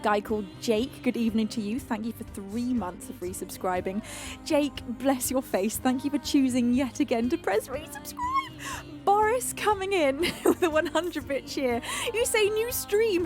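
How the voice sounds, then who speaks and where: A young British woman hosts a live music stream and fondly greets her chat one name at a time. Her voice sits high and she keeps an effusive, doting tone, with faint music behind her. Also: expressive, moderate pace. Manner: effusive and affectionate, reading out chat names. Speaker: streamer and singer.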